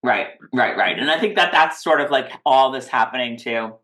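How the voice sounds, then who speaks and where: Woman co-host, bright tense tone, rambling casual recap chatter. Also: a bass voice, lively intonation, moderate pace. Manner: rambling, full of "like" and restarts. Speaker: podcast co-host.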